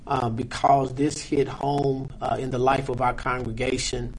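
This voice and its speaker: A man, a pastor, speaking earnestly as an interview guest in a measured, halting way with many fillers. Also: mid-range voice, little pitch movement, husky, poor audio.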